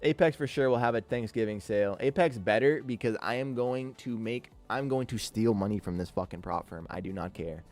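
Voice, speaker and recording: A man's voice: lowish voice, fairly quick, few pauses, darkish tone, soft background music. Exasperated, swearing man trading live. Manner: exasperated, swears often, talks to himself about trades. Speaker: day trader streaming live. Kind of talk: live trading commentary, reading chat.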